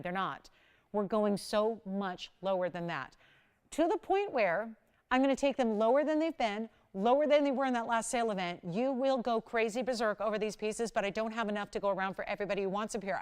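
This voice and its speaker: A woman hosts a live television jewelry sale, talking viewers through every detail with eager urgency. Her voice is smooth and clear, sitting at an ordinary middle pitch, and she keeps pressing people to call in now. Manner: enthusiastic, persuasive, urgent selling. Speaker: TV shopping host. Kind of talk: live home shopping sales pitch. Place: TV studio.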